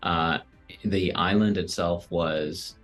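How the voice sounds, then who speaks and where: Deep, husky man, laid-back. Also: fairly even intonation, slow pace, a bit bright, faint music behind. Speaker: podcast co-host. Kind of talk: casual chat.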